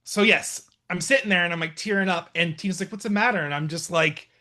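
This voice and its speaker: A man's voice: sits high, a little fast, sharp tone. A man co-hosting a casual live-stream chat, joking and crude in a playful way. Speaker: co-host.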